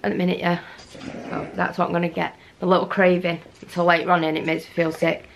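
A woman vlogger with a Mancunian accent chats casually to the camera, rambling and laughing a lot. Her voice is lowish, creaky, fast and fairly flat in pitch, and loud background noise runs under the recording.

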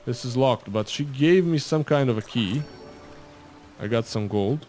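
A man's voice: mid-range voice, measured pace, a little mellow, faint music behind. A man commentating his gameplay, rambling and joking in asides to the viewer. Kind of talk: let's-play game commentary.

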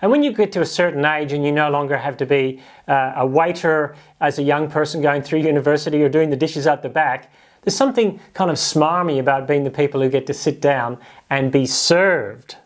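A man with a fairly high voice, preaching in a relaxed, conversational way. He jumps into playful put-on voices when he quotes people, then settles back into easy explanation. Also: a little fast. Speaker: pastor. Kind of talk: sermon.

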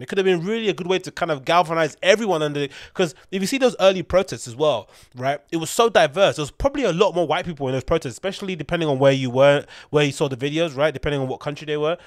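A man's voice: on the high side, no room sound, clean studio sound. A man with a British accent, hosting a rambling solo podcast with opinionated commentary full of fillers and digressions. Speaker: podcast host.

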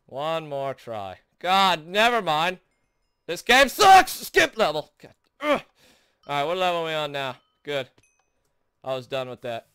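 A young man hosting a gaming video, commentating his own play in frustration, shouting and groaning between sarcastic mutters. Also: fairly high pitch, smooth, no echo, clean studio sound. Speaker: gaming channel host. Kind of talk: raging let's play commentary.

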